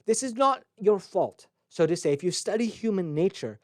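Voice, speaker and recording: High-voiced man giving a devotional talk. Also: animated, normal speed, darkish tone, no echo, studio quality. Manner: storytelling, acts out quoted voices. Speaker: spiritual teacher. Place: recorded for a webcast.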